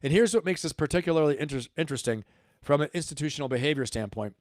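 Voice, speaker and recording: A man's voice: fairly high pitch, expressive, very fast, no echo. A man hosting a livestream, giving emphatic commentary and repeating his points for stress. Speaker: host.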